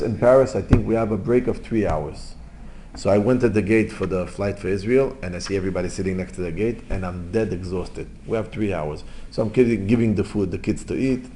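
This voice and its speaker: This rabbi's voice is male and fairly low, with a little hiss or hum in the recording. He gives a casual Torah lesson in non-native English laced with Hebrew terms, telling stories and alternating between loud outbursts and soft asides.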